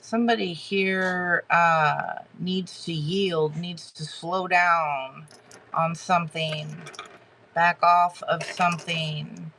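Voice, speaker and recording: A woman giving a live tarot reading to her chat, talking haltingly with many fillers and restarts and greeting viewers by name. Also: lowish voice, fairly even intonation, bright, forceful tone, slight background noise. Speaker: tarot reader hosting a live stream.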